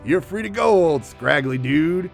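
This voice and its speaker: A man's voice: fairly high pitch, animated, measured pace, creaky, soft background music. A man doing a pompous Roman governor. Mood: dismissive.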